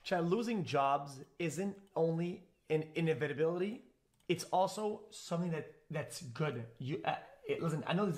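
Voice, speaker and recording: A male streamer with a somewhat high voice rants at his chat. He swears a lot and circles back mid-sentence as his ideas pile up. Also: moderate pace. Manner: profane, rambling with restarts. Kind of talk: casual rant to chat.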